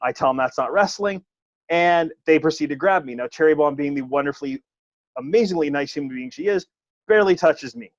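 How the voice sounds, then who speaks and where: A little high and fairly quick, the voice belongs to a wrestling referee who's chatting casually on a podcast. He tells an amusing anecdote with animated, self-mocking flair. The audio comes across dull, lo-fi and dry.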